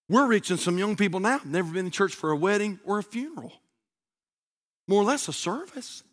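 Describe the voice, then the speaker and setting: Preacher, male, folksy and animated, highish bright tone, storytelling sermon. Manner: folksy, animated, says "man" often. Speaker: pastor.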